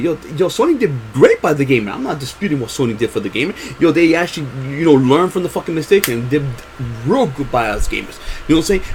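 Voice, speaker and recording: A high-voiced man rants straight to his viewers, passionate and profane, tripping over repeated words and drawn-out fillers. A faint hum of ambience sits under his voice. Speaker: gaming vlogger. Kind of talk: unscripted rant to camera.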